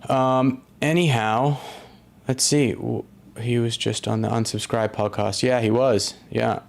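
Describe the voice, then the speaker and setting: A man of middle pitch hosting a casual stream, talking off the cuff. He rambles, stumbles over restarts and fillers, and swears freely as he chats through comments. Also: fairly even intonation, measured pace, gravelly. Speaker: podcast host reading viewer comments. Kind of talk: casual live-stream chat.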